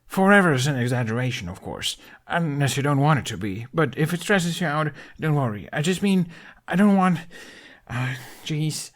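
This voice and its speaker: A man's voice: medium pitch, animated, moderate pace, hardly any pauses, pitched above the performer's own voice, natural voice. A man voicing a nervous young prince who stammers and trips over his words, earnest and flustered.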